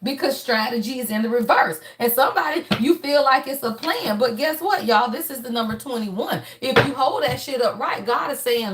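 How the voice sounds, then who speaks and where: Woman, high voice, casual tarot reader, preachy and blunt with a salty mouth. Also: lively intonation, normal speed, hardly any pauses, slight background noise. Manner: emphatic, preachy, peppers every phrase with "y'all"; blunt and swears freely. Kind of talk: casual spiritual reading.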